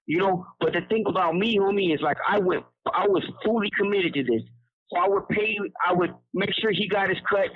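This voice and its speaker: A man's voice: high voice, breathy edge. A man telling a story casually over a phone call, using street slang and rambling with restarts. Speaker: incarcerated storyteller. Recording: tinny prison phone line.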